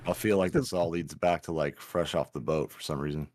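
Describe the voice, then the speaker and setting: A man chatting on a podcast, playful and quick to quote lines from movies and old ads. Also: a bass voice, a little mellow. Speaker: podcast guest. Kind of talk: casual chat.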